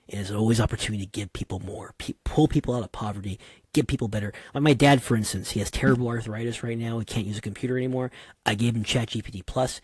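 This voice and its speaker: A man telling long, winding stories as a guest on a podcast, full of energy and slangy asides. His voice is husky, and the sound is dry and close to the mic. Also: medium pitch, no room sound. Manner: animated, digressive storyteller, slangy. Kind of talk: casual interview chat.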